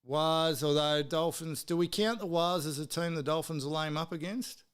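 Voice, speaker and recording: An Australian man hosting a live stream, with a smooth, clean voice that sits a bit high for a man. He talks in a loose, casual way as he tips games. He swears freely and ribs his friends in the chat. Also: steady tone, moderate pace. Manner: swears freely, teases viewers and mates in the chat.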